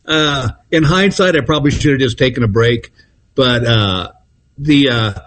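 A man from Texas in his sixties, a comedian guest telling stories in a relaxed, chuckling way, calling in by phone. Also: mid-range voice. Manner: laid-back storyteller, chuckling, drawn-out pauses. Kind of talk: casual anecdote-telling. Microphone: phone call-in.

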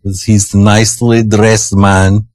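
A man's voice: on the low side, flat delivery, a little slow, a little mellow, no echo. Laid-back male radio host. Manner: laughs often, loose and chatty. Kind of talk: casual radio banter.

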